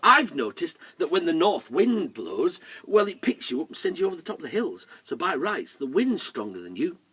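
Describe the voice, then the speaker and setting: A storyteller playing a lazy young boy who eagerly shouts at the things he thinks are strong. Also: on the high side, sing-song, moderate pace, breathy edge, no room sound, pitched above the performer's own voice, full character voice. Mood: boastful calls.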